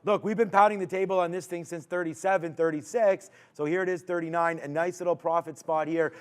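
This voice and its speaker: Smooth-voiced man calling live trades. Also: sits high, brisk, hardly any pauses. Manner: restless, urging the price on, rising to excited shouts. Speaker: stock trading stream host. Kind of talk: live trading commentary.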